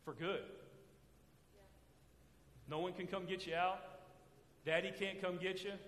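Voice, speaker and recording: A man's voice: sits high, steady tone, a little slow, fairly bright tone. A man preaching a sermon in a church, drawing call-and-response answers from the congregation by having them finish his sentences. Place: church sanctuary. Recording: echoey hall with long reverb.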